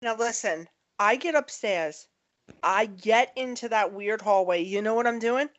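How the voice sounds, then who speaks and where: In dull, lo-fi podcast audio, a young female co-host chats casually, animatedly recounting stories and imitating the voices of those she quotes. She speaks in an unhurried, mid-range voice.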